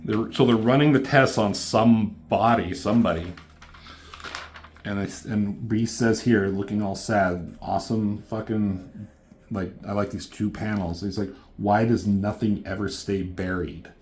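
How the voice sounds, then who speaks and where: A man's voice: fairly low pitch, steady tone, a little slow, darkish tone, a little hiss or hum. A man casually recapping and reviewing a comic book, loose and profane, reading out the characters' lines in a slightly raised voice.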